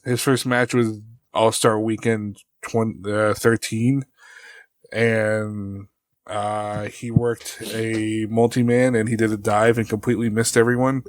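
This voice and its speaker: A man's voice: fairly low pitch, level tone, slow pace, no room sound. A man co-hosting a podcast in casual chat, blunt and crude in his jokes. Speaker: podcast co-host. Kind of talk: casual chat about wrestling.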